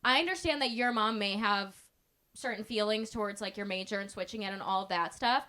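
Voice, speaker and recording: A woman's voice: medium pitch, brisk, sharp tone. A woman, the host's best friend, chatting casually and giving blunt, earnest advice. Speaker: podcast guest, best friend. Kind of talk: casual chat.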